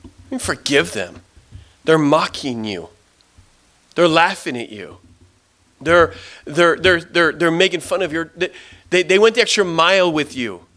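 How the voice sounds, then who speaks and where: A man doing a thief on a cross, bright edgy voice, halting and repeating himself, remorseful. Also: a little high, lively intonation, voice pushed up. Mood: indignant. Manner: sneering at first, then pleading and halting.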